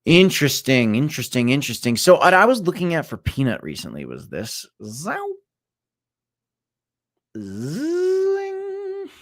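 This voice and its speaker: A young man hosting a casual crypto livestream, talking in a rambling, animated way that swings between loud and quiet. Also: medium pitch, fast, hardly any pauses. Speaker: crypto show host. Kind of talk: casual livestream market chat.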